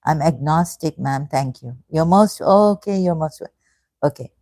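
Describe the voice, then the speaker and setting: A woman in her fifties hosting a casual livestream, halting and hesitant, full of restarts and effusive thanks. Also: deep voice, dark tone, no room sound. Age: 50s. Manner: emotional, effusively grateful. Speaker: livestream host. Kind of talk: casual livestream chat reading comments.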